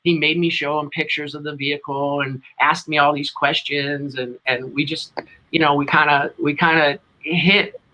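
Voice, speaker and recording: A man's voice: a little high, little pitch movement, normal speed, sharp tone, slight background noise, rough recording. A middle-aged man with a New England accent, a tribute band singer telling a long, rambling story as an interview guest.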